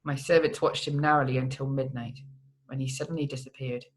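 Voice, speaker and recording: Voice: medium pitch, fairly even intonation, a little fast, close to an everyday voice. A reader voicing a stern nobleman with a put-on foreign accent that keeps slipping, in a gothic audiobook reading. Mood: grave. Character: stern nobleman, a man back from prison. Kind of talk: audiobook character voice.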